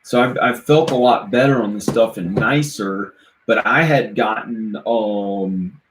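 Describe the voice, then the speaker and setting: A man vlogging on a live stream, rambling in casual chat and chuckling at his own silly rhymes. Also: on the low side. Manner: rambling, laughs at own silly rhymes, slow sing-song chanting. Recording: roomy echo, faint background noise.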